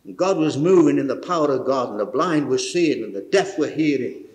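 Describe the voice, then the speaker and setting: Lively older preacher. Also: male voice, mid-range voice, brisk. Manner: exclamatory, chuckling, folksy storyteller. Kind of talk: informal sermon. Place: church meeting.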